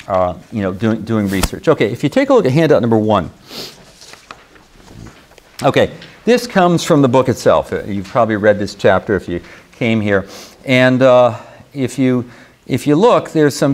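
A man teaching a university creative writing seminar, talking loosely and often pausing with "okay?" to check on the class. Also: fairly low pitch. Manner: rambling, frequent restarts and "okay?" check-ins.

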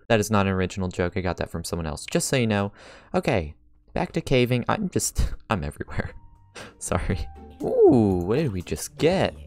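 A man hosting a game let's play, chatting casually to viewers and getting easily excited, with gasps and frequent laughs. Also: fairly low pitch, normal speed, dry recording, clean studio sound, faint music behind. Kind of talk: casual gaming commentary.

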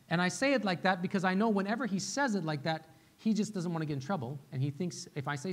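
In a church sanctuary, a young-adult to middle-aged male pastor who is father to a little one gives a sermon in a relaxed, conversational way. His fairly high voice moves briskly, and he repeats key phrases while constantly asking listeners "right?"

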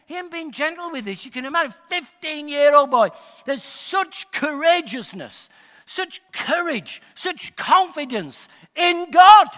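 A male pastor from Northern England preaching a sermon in a church hall, emphatic and building to loud, shouted declarations. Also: high-pitched. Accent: Northern English. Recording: long hall reverb.

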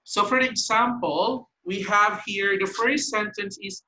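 A man's voice: high-pitched, fairly even intonation, measured pace, sharp tone, poor audio. A man teaching an online English grammar lesson, explaining each rule step by step and repeating his example sentences.

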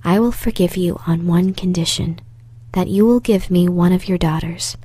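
A woman voicing a stern, grim male beast in a storybook reading, speaking slowly and softly with a lowered voice. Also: natural voice.

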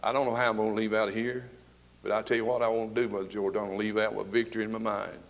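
A man, preaching a fervent sermon to his congregation, swinging between loud and soft. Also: lowish voice, level tone, very fast. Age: 70s. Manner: fervent preaching with rising and falling volume. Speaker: pastor. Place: church sanctuary with congregation.

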